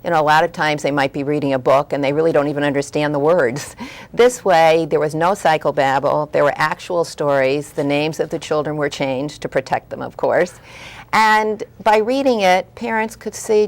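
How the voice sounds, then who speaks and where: Low, gravelly-voiced woman counselor. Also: normal speed. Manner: earnest, acts out parents and children in voices. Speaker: former school guidance counselor. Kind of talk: guest on a parenting TV talk show.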